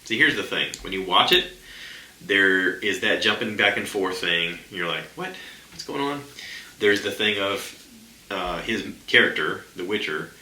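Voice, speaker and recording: A man's voice: deep voice, measured pace, bright, forceful tone. A man talking casually and at length on his own podcast, rambling with lots of fillers and restarts. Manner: rambling, chatty, many fillers. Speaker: podcast host. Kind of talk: casual solo podcast chat. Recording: echoey room with faint ambient noise.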